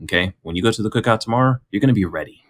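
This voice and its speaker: Low, lively man hosting a podcast. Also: rapid-fire, dry recording. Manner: lively, playful segment host. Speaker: podcast co-host. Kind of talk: casual chat.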